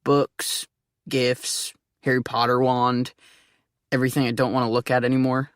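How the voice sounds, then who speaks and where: A woman voicing a guarded, cynical teenage boy in an audiobook, talking in a flat, tight way. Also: a bass voice, moderate pace, dry recording, clean studio sound.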